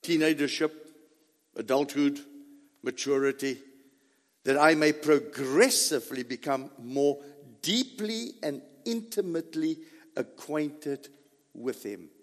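A man preaching a sermon as pastor, emphatic and drawn out, with long dramatic pauses on key words. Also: on the high side, big-room sound.

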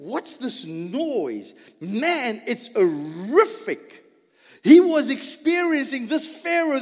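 A man preaching a dramatic first-person sermon monologue, emphatic, full of rhetorical questions and drawn-out words. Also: extremely high pitch, long reverb tail.

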